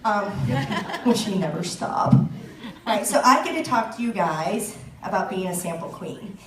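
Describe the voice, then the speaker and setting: A woman's voice: mid-range voice, big pitch swings, a little slow, a bit bright. A woman in her thirties giving a chatty, joking training talk to a sales team, laughing often as she speaks. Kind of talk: chatty live presentation. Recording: roomy echo, mic at a distance, faint ambience.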